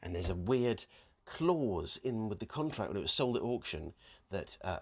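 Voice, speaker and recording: Man, podcast co-host, casual rambling chat, low-ish pitch, dry close sound. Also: dry recording. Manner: chatty, laughs often, rambling storyteller.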